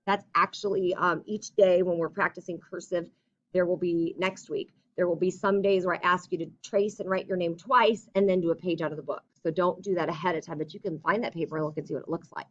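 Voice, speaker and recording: A young woman teaching a class over a recorded lesson. Her voice sits low, and the sound is dull and lo-fi. She drags out the words she dictates, then falls back into easy chat. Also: steady tone. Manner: slow and deliberate when dictating, chatty in between.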